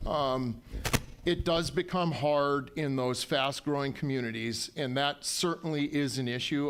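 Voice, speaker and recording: A man's voice: mid-range voice, a bit bright. A man, a county official answering questions at a town hall in a folksy, conciliatory way with frequent ums and restarts. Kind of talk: public town hall remarks.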